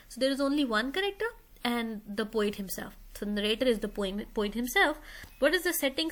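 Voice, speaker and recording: A fairly high-voiced woman teaching a recorded English lesson on how to analyze poetry. She explains each step in turn and keeps checking that her students follow along. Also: a bit bright.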